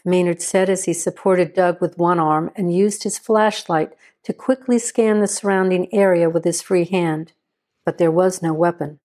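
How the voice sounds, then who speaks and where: A woman reading a crime story aloud in steady, even scripted narration. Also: lowish voice, unhurried.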